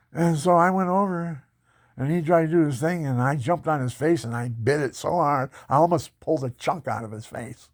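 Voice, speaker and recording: A man telling his life story in a personal testimony, animated and boastful, laughing often. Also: on the high side, moderate pace, dry recording, studio quality.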